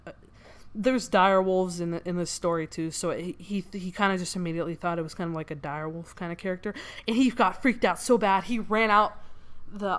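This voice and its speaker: A woman casually telling a long dream story while she doodles, rambling with many fillers and growing excitable. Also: mid-range voice. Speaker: streamer.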